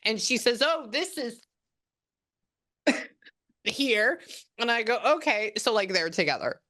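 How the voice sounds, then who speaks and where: Slow-paced, pushed and bright, her slightly high voice swings widely in pitch. The woman is a psychic medium talking casually through a reading; she's chatty, quotes messages at length, and trails off mid-thought.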